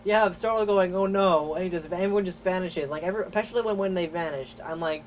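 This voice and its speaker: A man hosting a podcast, chatting casually and excitedly, rambling with lots of fillers and acted-out reactions. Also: high voice, quick pace. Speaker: podcast host. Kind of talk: casual chat. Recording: dull lo-fi audio with faint noise.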